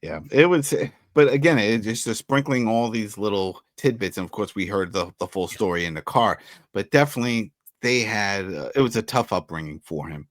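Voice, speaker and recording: A man co-hosting a casual TV recap, animated and acting out lines for laughs. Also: lowish voice, fairly quick, no room sound, clean studio sound. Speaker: podcast co-host.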